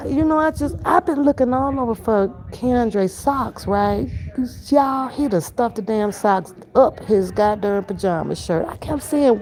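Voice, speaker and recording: A woman's voice: a little high, slow, darkish tone. An older woman chatting bluntly to her viewers from her kitchen, profane and emphatic, stretching out her words. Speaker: reaction channel host. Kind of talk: casual commentary to viewers. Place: home kitchen.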